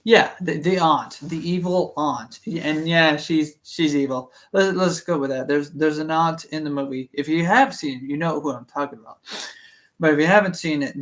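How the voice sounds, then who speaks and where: A young man hosting a casual book reading stream, rambling and stammering with many fillers and restarts. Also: on the high side. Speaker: book reading channel host. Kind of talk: casual rambling livestream chat.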